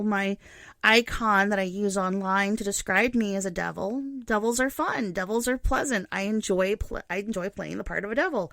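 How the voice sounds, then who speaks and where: Young woman venting on her vlog, kinda high voice with a gravelly edge, super blunt and sweary. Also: a bit bright, no room sound, clean studio sound.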